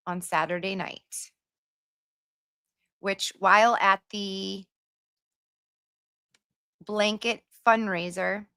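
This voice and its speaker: A woman hosting a casual livestream, chatting warmly with viewers and reading their comments aloud. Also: medium pitch, clear, resonant tone, no echo, studio quality. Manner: gushing and chatty, sings little filler tunes. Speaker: livestream host.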